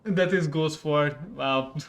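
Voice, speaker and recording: A young man from Hungary with a Hungarian accent, a non-native English speaker, playing a game on stream, laughing often and getting worked up and loud. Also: a little high, slow. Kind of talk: gaming commentary.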